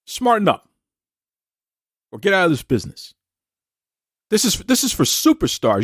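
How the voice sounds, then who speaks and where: A man's voice: high voice, wildly swooping pitch, normal speed, fairly bright tone, dry recording. Man, wrestling commentary rant, taunting and combative, rhetorical questions, dry close sound. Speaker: wrestling show host.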